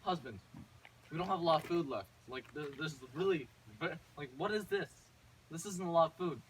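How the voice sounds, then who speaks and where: A man's voice: on the high side, moderate pace, distant mic, a little hiss or hum, close to an everyday voice, low-quality recording. A man voicing a bossy, scheming stepmother in his own casual voice, curt and ordering.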